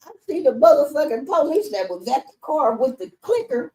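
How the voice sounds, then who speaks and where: A middle-aged woman from Los Angeles tells her life story as a guest in a casual interview, cursing freely and imitating the voices of the people involved. She has a high, slightly mellow voice with big pitch swings and a fairly quick pace, and the recording is low quality.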